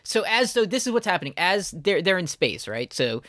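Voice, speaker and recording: A man's voice: high-pitched, very animated, a little fast, a bit bright, no room sound, studio quality. A man co-hosting a podcast in casual, joking chat, rambling through silly theories. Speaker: podcast co-host.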